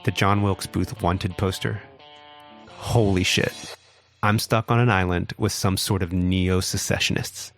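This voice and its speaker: A man's voice: low voice, gravelly. A man casually narrating a wild story as a podcast host, wry and swearing freely.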